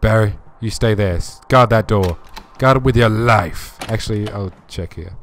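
A man's voice: fairly low pitch, moderate pace, a bit bright, slight background noise. A man hosting a horror game playthrough, joking and swearing as he talks to objects in the game. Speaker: let's play host.

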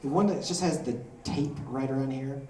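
A man in his forties, a voice actor guest telling jokey, animated stories at a convention panel Q&A. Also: mid-range voice, normal speed, background noise. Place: large convention panel room. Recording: echoey hall from far off with crowd. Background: audience laughing and murmuring.

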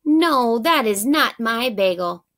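A woman's voice: a little high, lively intonation, slow, a bit bright. A woman voicing a young boy in a storybook who eagerly asks about his missing bagel. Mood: upset.

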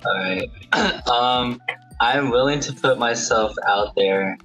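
A man's voice: medium pitch, takes it slowly, sharp tone, faint music behind, rough recording. A teenage boy reading his list aloud over a video call, hesitant and full of ums. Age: teens. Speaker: student volunteer.

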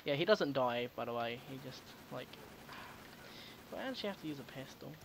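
At a home recording setup, a gaming video host jokes his way through a video game, talking back to the characters and swearing now and then. His voice is medium-pitched and creaky, with lively intonation and a normal speed. Background noise is audible.

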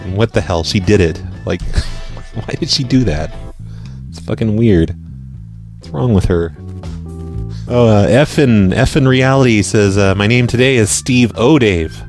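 A man hosting a live radio show and making prank phone calls, speaking deadpan and often stumbling over his words. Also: lowish voice, unhurried, pauses often, soft background music. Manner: deadpan, stammers and repeats words. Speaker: prank-call radio host.

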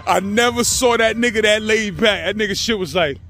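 High-voiced New York man telling stories. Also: brisk, faint music behind. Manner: animated, slangy, acts out the people in his story. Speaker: storyteller host. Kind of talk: casual prison storytelling.

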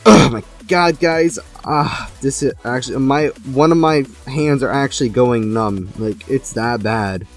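A young man giving gameplay commentary, excitable, jumping from loud outbursts to low mumbling. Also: slightly rough. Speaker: gaming YouTuber.

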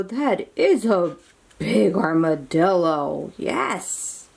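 A woman reading a children's picture book aloud, animated and asking her young listeners questions. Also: medium pitch, slow, breathy edge.

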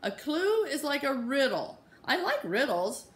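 A woman voicing a cheerful, curious male classroom hamster with bright, squeaky exclamations. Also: sing-song, unhurried. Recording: roomy echo.

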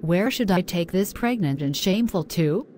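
A woman's voice: lowish voice, animated, normal speed, darkish tone, slight background noise, natural voice. A woman voicing a naive, trusting young Christian woman in an amateur animation, talking earnestly and pleadingly. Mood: distraught.

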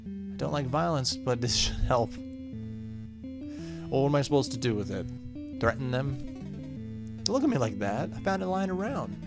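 A man's voice: mid-range voice, big pitch swings, moderate pace, gravelly, long pauses. A man voicing a timid, apologetic lost boy. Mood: sheepish. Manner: hesitant, stammering, apologetic. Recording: game music underneath.

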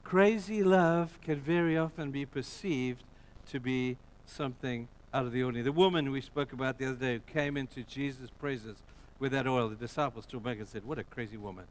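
A man's voice: medium pitch, fairly even intonation, a little fast. A man preaching a sermon in an emphatic, storytelling way with conversational asides.

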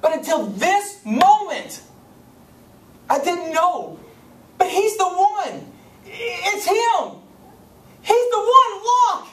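A man voicing a joyful prophet who shouts with excitement that the one he awaited has come, in an echoey church room. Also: very high voice, extremely slow, long pauses, recorded from a distance, voice pushed up, full character voice. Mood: exultant.

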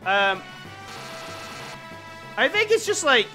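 A man giving excitable let's play commentary as a gaming YouTuber. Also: very high voice, slow, soft background music. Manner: excitable, exclamatory.

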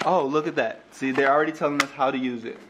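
Speaking fast at a medium pitch with fairly even intonation, a young dad vlogger unboxes a product, hyped and playful as he addresses his viewers. His phone camera records from a distance, picking up a roomy sound, faint ambience, and background noise.

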